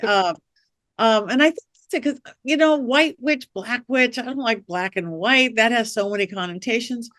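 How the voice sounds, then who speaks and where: A woman guest on an interview podcast, a witch and medium, telling lively stories and acting out the voices of people she quotes. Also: on the high side, moderate pace, dry recording, clean studio sound. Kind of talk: storytelling interview chat.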